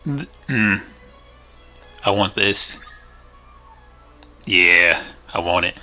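A man's voice: sits low, expressive, very slow, bright, forceful tone, soft background music. A man hosting his gaming channel, talking casually over gameplay and rambling with lots of fillers and trailing thoughts. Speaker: channel host.

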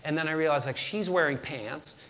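A man giving a motivational talk on stage, telling a personal story in an animated, self-deprecating way and acting out his own lines. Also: on the high side, normal speed, long reverb tail. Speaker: motivational speaker.

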